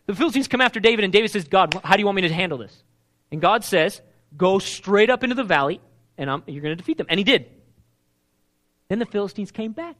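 Delivering a sermon at a fast clip, this man speaks in a high-sitting voice. He's animated, quizzes the crowd, and performs the lines he quotes.

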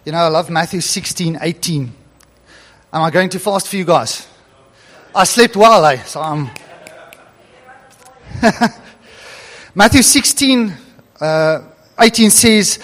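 A middle-aged preacher with a high voice gives an animated sermon, chuckling between scripture readings and taking his time with frequent pauses. A long church-hall reverb hangs on the sound.

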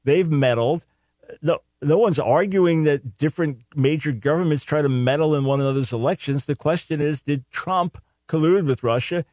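A man's voice: fairly high pitch, normal speed, a little mellow, no echo, studio quality. A man hosting a call-in talk radio show, giving opinionated commentary with emphatic rhetorical questions and repeated phrases for stress.

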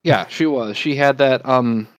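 A man's voice: mid-range voice, unhurried, no room sound, highs cut off. A man co-hosting a podcast in casual chat, talking loosely and swearing often as he rambles. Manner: loose, profane, rambling banter. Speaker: podcast co-host.

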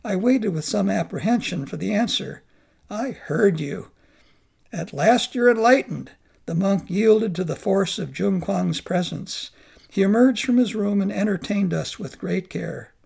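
Brief: male narrator, heavy vocal fry, husky and rough, steady reflective reading. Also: high-pitched, normal speed. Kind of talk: memoir audiobook narration.

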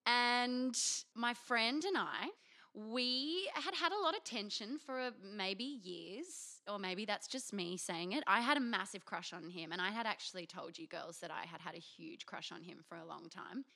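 A woman's voice: medium pitch, expressive, normal speed, sharp tone. A young Australian woman telling a frank, self-mocking story as a podcast co-host. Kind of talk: candid storytelling chat.

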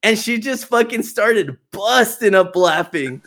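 Animated young man telling a story. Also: sits high, unhurried, low-quality recording. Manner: animated, laughing often, swearing casually. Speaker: podcast host. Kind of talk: casual storytelling chat. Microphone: remote call mic.

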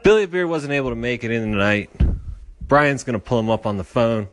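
A man's voice: mid-range voice, animated, fairly quick, fairly bright tone. A young man hosting a podcast, teasing his guest with dry remarks and playful announcer bits. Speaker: podcast host. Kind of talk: casual comedic banter.

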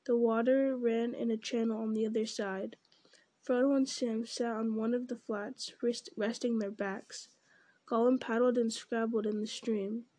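A woman reading a storybook aloud at a steady, unhurried pace. Her voice is slightly high, with a warm, mellow tone. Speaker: audiobook reader. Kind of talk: storybook narration.

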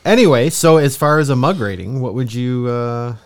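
A man's voice: mid-range voice, animated, moderate pace. A man co-hosting a casual coffee review chat, rambling and often breaking off to laugh. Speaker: podcast co-host reviewing coffee.

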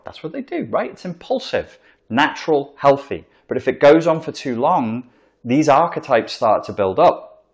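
A man's voice: mid-range voice, lively intonation, moderate pace. A man giving a casual, rambling talk that explains a psychological topic, with emphatic asides and acted-out examples. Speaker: commentator explaining narcissism.

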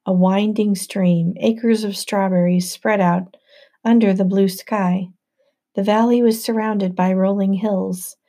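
Woman audiobook narrator, warm mellow tone, even first-person storytelling. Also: medium pitch.

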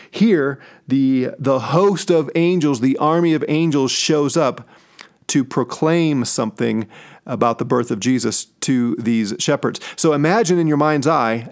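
A middle-aged man from St. Louis giving a Bible teaching on his podcast, stressing key words by slowing down or whispering them. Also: mid-range voice. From St. Louis, USA. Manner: emphatic, slows down and drops to a whisper on key words. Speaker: podcast host.

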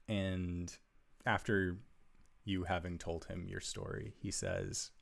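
A man narrating as game master for a tabletop game in a slow, measured, hushed storytelling manner. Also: low-pitched, fairly even intonation, vocal fry.

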